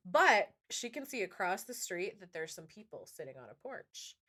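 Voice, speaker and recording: A woman with a bright, tense voice hosts a casual true-crime chat. She tells the story in an animated, chatty way, swearing freely and laughing often as she goes. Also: lowish voice, moderate pace. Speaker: podcast host.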